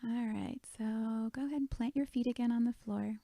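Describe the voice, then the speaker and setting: A woman leading a guided meditation, speaking softly and gently, often half-whispered. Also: a little high, steady tone, moderate pace, creaky, no room sound.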